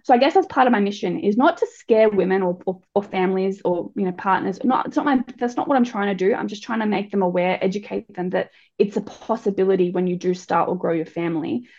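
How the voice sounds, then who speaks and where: Gravelly-voiced woman telling her story. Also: medium pitch, fast talker, a little mellow. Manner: candid and frank, with frequent restarts. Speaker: guest speaker. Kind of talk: personal story in an interview. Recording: dull lo-fi recording.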